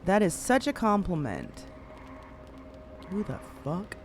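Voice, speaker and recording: A woman's voice: lowish voice, wildly swooping pitch, slow, over music. A woman streamer chatting casually with her viewers, swearing freely. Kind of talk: casual live-stream chat.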